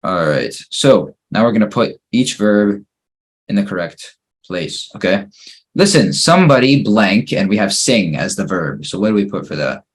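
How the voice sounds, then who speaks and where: A man's voice: lowish voice, sing-song, moderate pace, slightly rough. A man teaching an English grammar lesson, patiently working through fill-in-the-blank exercises and praising each answer.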